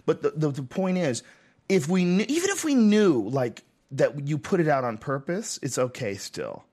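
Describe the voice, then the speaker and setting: A man hosting a casual podcast, crude and needling, his pitch jumping when he pushes a point. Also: very animated, normal speed, darkish tone. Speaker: podcast host.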